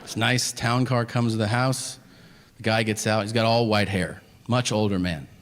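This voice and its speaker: A man in his thirties doing a stand-up comedy set, telling stories deadpan and acting out the other voices. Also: fairly low pitch, normal speed. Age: 30s. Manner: deadpan storytelling with acted-out voices. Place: comedy club stage. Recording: live stage recording with audience noise.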